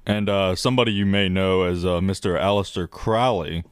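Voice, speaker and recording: Blunt, low-voiced man on a podcast. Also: flat delivery, a little fast, clear, resonant tone, no echo, clean studio sound. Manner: blunt, swears freely. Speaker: podcast co-host. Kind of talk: casual chat.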